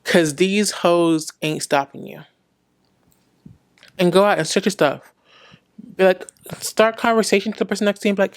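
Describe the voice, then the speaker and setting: A woman's voice: on the low side, fast talker. Frank, blunt young woman giving advice. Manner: frank and blunt, acts out little dialogues. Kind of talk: casual vlog advice.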